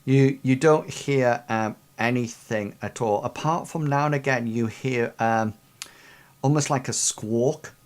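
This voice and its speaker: A man narrating a fantasy tabletop game as game master, rambling with many fillers. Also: medium pitch. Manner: rambling, many ums and sort-of-likes.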